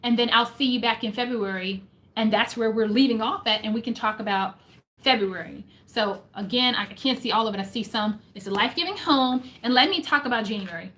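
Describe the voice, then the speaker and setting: A woman hosting a casual livestream book recap, lively and exclamatory, reading passages aloud and reflecting on them. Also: a little high, a little fast. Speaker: host of a faith book chat livestream.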